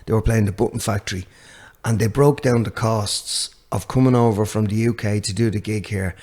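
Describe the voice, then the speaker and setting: A man's voice: lowish voice, a little fast. An older man, a guest guitarist chatting casually in an interview, telling stories with lots of restarts. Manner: animated storyteller with many restarts.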